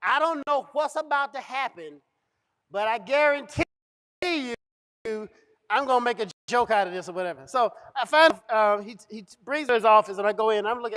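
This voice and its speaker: A man with a strikingly high voice tells a comic story to a live audience. He is middle-aged and animated, jumping into the voices of the people he quotes. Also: normal speed. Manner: animated, acts out dialogue. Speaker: comedian. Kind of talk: comedic storytelling. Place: event stage.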